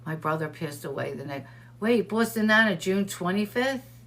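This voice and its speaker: Speaking expressively in a mid-range, slightly bright voice at moderate speed, a middle-aged livestream host chats casually. She acts out stories through quoted dialogue and replies to people in the chat by their names.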